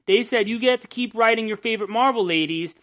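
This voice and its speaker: A man's voice: high-pitched, fast talker, fairly bright tone. A young man co-hosting a casual comics news podcast, rambling and joking with a lot of swearing. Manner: rambling, profane, jokey. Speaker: podcast co-host.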